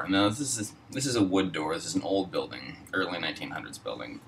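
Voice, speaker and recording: Deep-voiced man telling a rambling story. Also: animated, fast, creaky, a bit bright, distant mic, a little hiss or hum, low-quality recording. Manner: profane, rambling, full of fillers. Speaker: storyteller host. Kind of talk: casual spoken storytelling.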